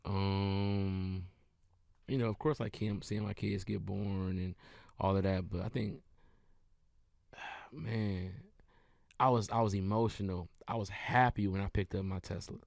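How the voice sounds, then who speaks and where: A man's voice: deep voice, fairly even intonation, a little slow, gravelly, pauses often, no echo, studio quality. A man in his thirties from Detroit, a comedian guest in a casual interview chat, talking in a laid-back, rambling way. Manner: laid-back, rambling, bursts into loud laughing shouts.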